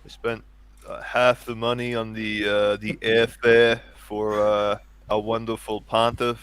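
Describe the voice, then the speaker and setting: A man's voice: fairly low pitch, little pitch movement, unhurried, fairly bright tone, clear, resonant tone, no echo. A man co-hosting a livestream comedy bit, heckling crudely and adding mock-formal asides. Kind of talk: improvised comedy banter.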